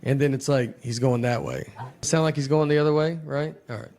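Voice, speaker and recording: Speaking fairly quickly in a gravelly voice, a forties-aged comedian performs stand-up in a big theater, moving from deadpan storytelling to exasperated high-pitched rants. The live recording has long hall reverb, slight hiss or hum, and audience laughter.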